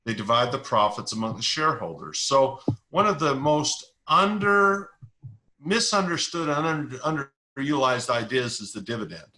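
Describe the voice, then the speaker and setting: A man's voice: mid-range voice, sing-song, normal speed, bright, forceful tone, rough recording. A middle-aged man in an interview, explaining investing ideas with analogies and stories and repeating key words for emphasis. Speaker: investing educator, interview guest. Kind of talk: conversational explanation.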